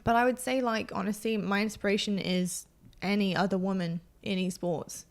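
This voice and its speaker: Young woman, esports caster, chatty and animated, mid-pitched voice; casual podcast co-host. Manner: chatty, animated, quick to laugh.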